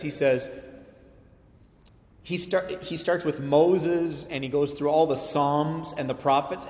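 A male pastor in his thirties preaching a sermon with earnest, emphatic delivery and rhetorical questions. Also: fairly high pitch. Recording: long hall reverb.

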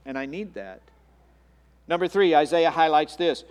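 A man's voice: on the high side, moderate pace, in a large hall. A man preaching a sermon as a pastor, earnest, often repeating and restarting his words. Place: church sanctuary.

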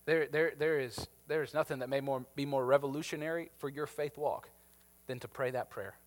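A man preaching a sermon as a pastor, animated and jokey, acting out the people in the story. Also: mid-range voice, a little fast, in a large hall. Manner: animated, jokey, acts out biblical characters.

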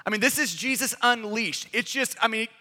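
A man's voice: very high-pitched, moderate pace, sharp tone. A male pastor preaching a sermon, reading scripture with emphatic, dramatic delivery. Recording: long hall reverb.

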